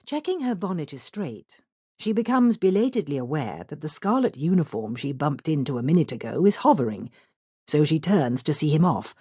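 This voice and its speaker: A woman narrating a literary audiobook in a measured, expressive way. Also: low-pitched, husky, dry recording, dull audio.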